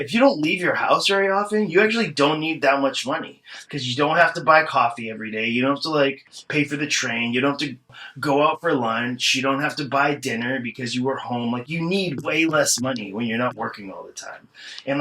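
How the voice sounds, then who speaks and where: A man's voice: medium pitch, animated, a little fast, sharp tone, poor audio. A man guesting on a podcast, telling loose, profane stories in casual chat, full of "like".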